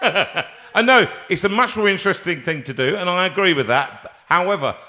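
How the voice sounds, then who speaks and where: A man's voice: high-pitched, expressive, fast, pushed and bright, a little hiss or hum. A man hosting a casual interview, chatting in a playful, teasing way. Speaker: host.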